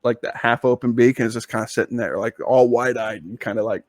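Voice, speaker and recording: Man, podcast co-host, rambling story, middle pitch, dry close sound. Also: fairly even intonation, fast talker, no room sound. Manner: rambling, with many fillers and restarts. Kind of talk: casual storytelling chat.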